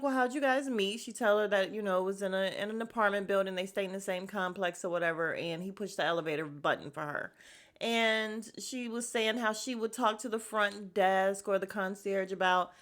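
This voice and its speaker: A woman hosting a casual podcast, recapping a reality show in a sassy, animated way and acting out quotes in exaggerated voices. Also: medium pitch, normal speed.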